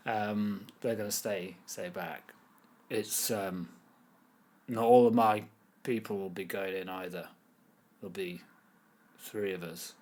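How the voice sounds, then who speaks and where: A man's voice: low-pitched, steady tone, slow pace, pauses often, darkish tone. A man narrating as game master, casual and hesitant.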